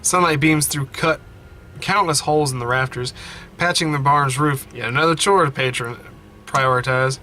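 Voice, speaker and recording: Bright-voiced man reading a game aloud. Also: mid-range voice, normal speed, slight background noise. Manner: animated, laughs often, self-correcting. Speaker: gamer playing a story game. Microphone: desk mic, wearing headphones.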